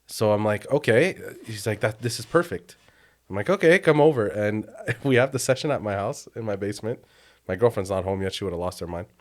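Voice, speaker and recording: A young man from Quebec, a music producer guest chatting casually on a podcast, telling animated stories and acting out quotes with frequent laughter. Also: on the low side, brisk. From Quebec, Canada. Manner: animated storyteller, acts out quotes, laughs often.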